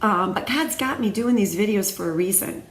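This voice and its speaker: A woman's voice: mid-range voice, normal speed. A woman hosting a faith-based video series, talking casually with many fillers and restarts. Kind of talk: casual spoken devotional talk. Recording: echoey room, faint ambience.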